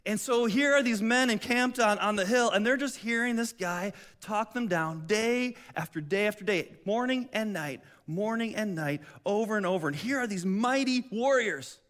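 A middle-aged man preaching a sermon, telling the story with lively energy, often restarting his phrases. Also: high voice, moderate pace, few pauses. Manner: animated storytelling, acts out voices, many restarts. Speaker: pastor.

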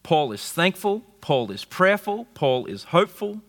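A man, preaching a sermon with animated storytelling and wry humour. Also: fairly high pitch, measured pace. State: recovering from flu. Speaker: pastor. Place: church hall. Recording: reverberant hall.

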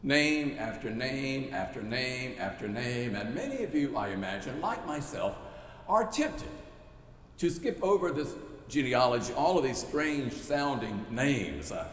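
A man's voice: mid-range voice, big pitch swings, slow. A man preaching a sermon in a storytelling, conversational way, with playful asides to the congregation. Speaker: pastor. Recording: echoey hall with long reverb.

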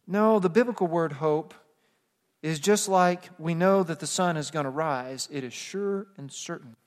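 A male pastor with a high voice delivers a sermon in a church sanctuary, and his words ring out with a long hall reverb. He talks conversationally, dropping to soft asides and then building to emphatic, rising passages. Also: measured pace.

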